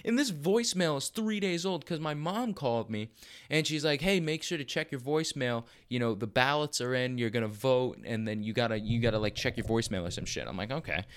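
A man's voice: mid-range voice, fairly quick, clear, resonant tone. A young man from Arizona telling a rambling, profane story in casual podcast talk, acting out the people he quotes. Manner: profane, rambling, animated quoting of others.

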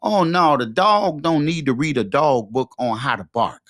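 A man's voice: on the high side, animated, moderate pace, a bit bright, no room sound. A man hosting a podcast with a fervent, preachy motivational monologue, speaking into a close microphone. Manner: fervent, preachy, repetitive exhortations. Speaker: podcast host. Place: quiet room.

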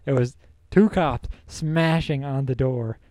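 A man's voice: medium pitch, slow pace, a little mellow. A young man hosting a podcast, telling a college story casually and laughing through it. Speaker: podcast host.

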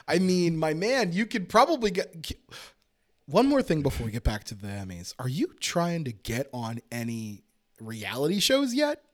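A man co-hosting a podcast in casual chat, launching into excitable, laughing rants with plenty of swearing. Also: a little high, moderate pace. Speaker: podcast co-host.

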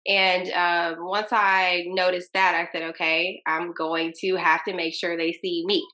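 Young woman, bright forceful tone, from Tennessee, casual interview guest, animated storyteller. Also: on the low side, measured pace. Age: young adult. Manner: animated, acts out both sides of conversations in quoted voices. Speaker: county commissioner, interview guest.

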